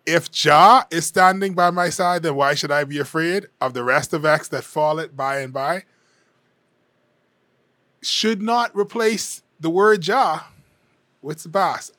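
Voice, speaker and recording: A man giving his frank, conversational take on an election campaign, often hedging and pausing to think. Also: on the high side, pushed and bright, no room sound, clean studio sound. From Bahamas. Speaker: political commentator. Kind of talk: casual opinion monologue.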